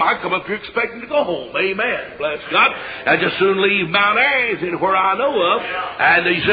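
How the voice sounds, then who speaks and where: A man with an East Tennessee Southern accent preaching a revival sermon in a folksy storytelling way, often breaking into shouts. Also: high-pitched, animated, normal speed, crowd noise. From Tennessee, USA. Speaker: evangelist preacher. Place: church service before a congregation. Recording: dull lo-fi live church recording. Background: congregation calling out amens.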